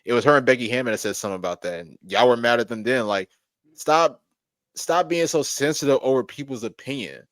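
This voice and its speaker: A man co-hosts a casual podcast, rattling off his opinions at a brisk clip and circling back to drive each point home. His voice sits close and dry on the mic, with no room sound around it. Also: mid-range voice, fairly bright tone, no room sound. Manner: quick, emphatic, repeats points. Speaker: podcast co-host. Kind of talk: casual chat.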